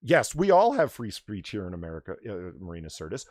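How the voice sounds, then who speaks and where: A man's voice: fairly low pitch, huge pitch swings, fast, hardly any pauses, a little mellow, no room sound, clean studio sound. A man hosting a casual livestream chat, sarcastic and profane. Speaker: host.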